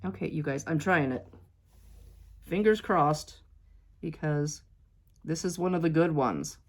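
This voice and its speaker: A woman with a low-pitched voice talks her viewers through a quilting project as she works. She chats casually and frets over each step. Then she reassures herself that it will turn out fine. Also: a little slow. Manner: chatty, self-doubting, talks to viewers as "you guys". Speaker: quilting vlogger. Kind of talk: casual talk-along while sewing.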